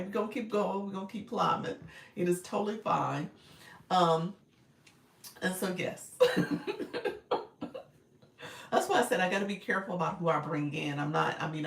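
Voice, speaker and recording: Coaching casually over a live stream, a woman with a low, gravelly voice reads viewer comments, laughs often, and addresses her audience as y'all. The recording has a roomy echo and she sits a bit far from the mic.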